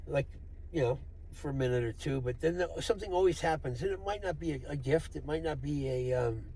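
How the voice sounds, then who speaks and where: A man's voice: fairly high pitch, brisk, dark tone, a little hiss or hum. A man telling a rambling, profane, wry story in a casual monologue, recorded in a vehicle. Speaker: vlogger.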